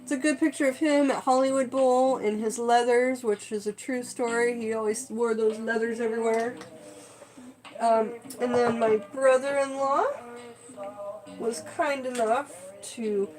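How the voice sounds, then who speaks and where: A woman's voice: a little high, fairly even intonation, unhurried, darkish tone, rough recording. A woman chatting casually on a live stream, rambling with lots of fillers. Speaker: livestream host.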